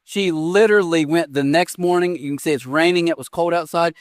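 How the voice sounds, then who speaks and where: A man in his forties, a pastor, preaching a sermon with lively storytelling that swings between raised, excited phrases and quiet, soft endings. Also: on the high side, fairly quick, no room sound, clean studio sound. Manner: animated storytelling with sudden rises and soft drops. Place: church stage.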